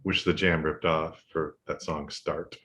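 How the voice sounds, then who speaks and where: A man's voice: rumbling low, little pitch movement, a little slow, a bit bright. A man co-hosting a podcast, chatting casually about music in an easygoing way and trailing off with fillers.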